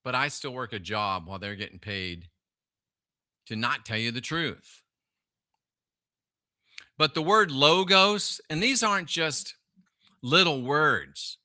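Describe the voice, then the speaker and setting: Male solo-stream host, sharp, bright voice, preachy and sardonic, swings to loud bursts. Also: medium pitch, lively intonation, measured pace, no echo, studio quality. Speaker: livestream host reading chat. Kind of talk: solo livestream rant.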